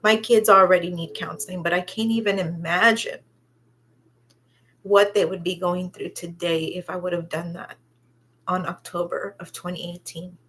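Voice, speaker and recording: A woman telling a personal story, halting and reflective, with many pauses and fillers. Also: on the low side, level tone, a bit bright, a little hiss or hum. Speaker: vlogger sharing her own story.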